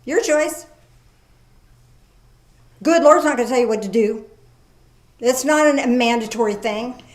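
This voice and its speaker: A woman gives a sermon in a folksy, lively way, trading scripture readings for chatty asides. She talks at a slow, unhurried pace in a slightly high voice. The room around her is echoey. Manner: reads scripture aloud slowly, then comments. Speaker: pastor.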